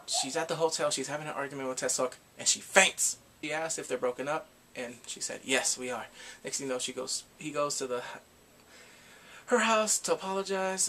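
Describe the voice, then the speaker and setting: A young man casually recapping a drama in an animated, dramatic way, full of exclamations. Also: a little high, a little hiss or hum. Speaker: drama reviewer.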